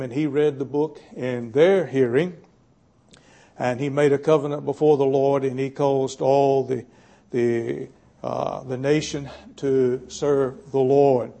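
A man preaching a Bible study sermon in a plainspoken, folksy way, pausing often to gather his thoughts. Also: mid-range voice, mellow. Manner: folksy, plainspoken with frequent "uh" pauses.

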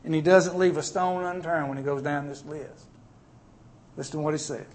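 A male pastor delivering a sermon in a notably high voice. He preaches emphatically, with folksy asides and acted-out stories between readings. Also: steady tone, moderate pace, a little hiss or hum.

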